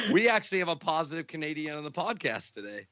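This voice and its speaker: A man's voice: a little high, big pitch swings, quick pace, sharp tone, no room sound. A young man co-hosting a casual comedy podcast, telling rambling stories and acting out quotes between laughs. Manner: rambling storyteller, acts out quotes, laughs often. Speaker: podcast co-host.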